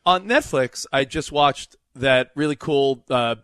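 A man co-hosting a sports radio show, telling stories in a chatty, animated way. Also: medium pitch, measured pace, smooth, dry recording. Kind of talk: casual sports radio banter. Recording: dry close studio mic.

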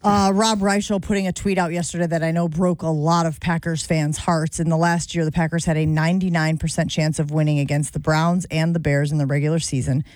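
A woman's voice: low voice, little pitch movement, fairly quick, hardly any pauses, darkish tone, no echo. A woman hosting a sports talk radio show in a conversational way, taking calls and reading stats.

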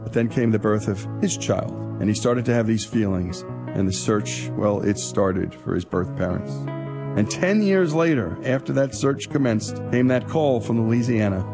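A man's voice: lowish voice, normal speed, over music. A male radio host narrating and wrapping up a story segment, lifting his voice on teasers.

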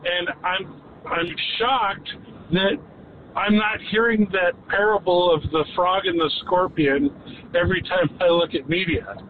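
A man's voice: high voice, steady tone, unhurried, background noise. A man calling in to a radio show, hesitant and searching for words, on a phone line. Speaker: caller. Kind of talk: phoning in to talk radio. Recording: tinny phone line from a vehicle.

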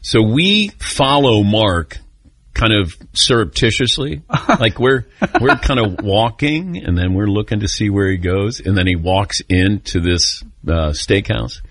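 A man's voice: fairly low pitch, a little slow, no room sound. A man hosting a sports call-in radio show, telling stories with a laugh and taking callers. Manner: storytelling, animated, laughs often.

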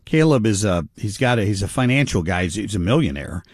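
A man hosting a talk radio show, commenting on clips in a casual, halting way with many fillers. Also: lowish voice, animated, no echo, studio quality.

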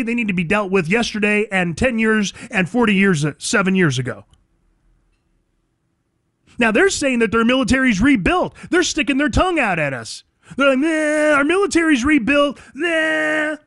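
A radio talk show host delivers a call-in monologue from a studio mic, speaking emphatically and combatively straight to his listeners. His high, sing-song voice moves at a normal speed, sounds a bit bright, and is recorded dry.

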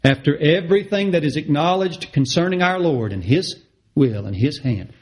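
A middle-aged man preaching a sermon, passionate and repetitive, his voice climbing high on the words he stresses. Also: expressive, moderate pace, husky. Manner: impassioned, repeats phrases for emphasis, rises sharply in pitch on key words.

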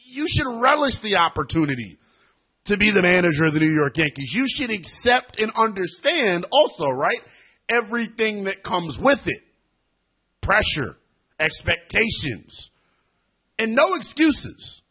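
A man hosting a sports talk radio show, talking in an animated, emphatic way that gets loud at times. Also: high voice, a little slow, breathy edge.

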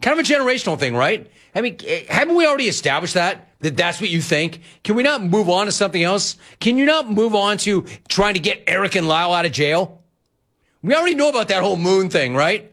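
A man hosts a sports talk radio show, ranting and riffing with a lively, swooping delivery. His voice sits a touch high for a man, and he keeps slipping into mock voices of the people he quotes. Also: quick pace. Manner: animated, ranting, quoting others in mock voices.

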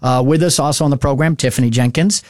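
A man hosting a morning radio talk show, relaxed and chatty as he introduces segments and asks his guests questions. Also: medium pitch, fast, no room sound, clean studio sound.

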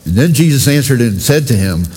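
A man's voice: medium pitch, animated, fairly quick, dark tone, slightly rough. A male pastor preaching a sermon in a conversational way, talking directly to his congregation. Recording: long reverb from a church hall.

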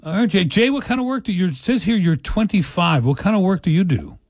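Opinionated talk-radio man, husky, dry. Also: sits high, animated, fast talker, a little mellow, dry recording. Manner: opinionated, rambling with restarts. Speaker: radio talk show co-host.

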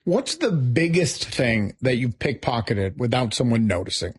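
A man co-hosting a radio talk show, chatty and telling quick stories. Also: mid-range voice, very animated, husky. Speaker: co-host. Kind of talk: casual radio chat.

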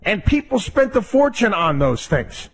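A man hosting a talk radio show, giving an emphatic, lecturing opinion monologue with a husky voice. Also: sits high, very animated, measured pace.

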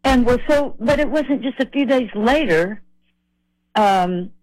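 A middle-aged woman from Tennessee, a country singer telling rambling, animated anecdotes as a guest. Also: fairly high pitch, unhurried, no echo, poor audio. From Nashville, Tennessee. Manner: chatty, rambling, animated retelling.

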